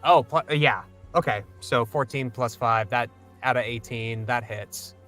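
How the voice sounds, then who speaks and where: A man's voice: medium pitch, a little slow, fairly bright tone, faint music behind. A man playing a tabletop game, casually describing his character's attacks and chuckling now and then. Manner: chatty, laughs easily. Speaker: player.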